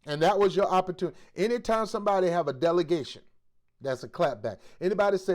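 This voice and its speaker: A male host giving preachy commentary in a forceful, exhorting way, with blunt street slang. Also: sits high, animated, fairly quick.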